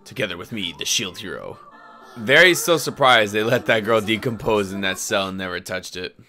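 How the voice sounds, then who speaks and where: A young man reacts out loud to an anime episode in loose slang, cursing and cracking up as he goes. His voice sits a little low but has a bright, forceful edge. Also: expressive, normal speed, soft background music. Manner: slangy, profane, laughing at what he watches. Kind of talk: live reaction commentary.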